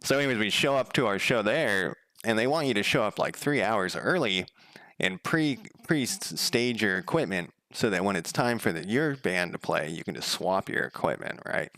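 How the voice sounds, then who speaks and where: A man's voice: expressive, normal speed, no echo. Rambling, profane male streamer, dry sound. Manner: loose, profane storytelling with frequent fillers; gets louder and higher when quoting others. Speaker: game developer streaming his coding. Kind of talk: casual rambling livestream chat.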